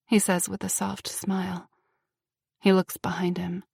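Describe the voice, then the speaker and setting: A young woman reading first-person audiobook narration with feeling, moving between tense passages and hushed ones. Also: on the low side, monotone, unhurried, creaky, breathy edge, no echo, studio quality.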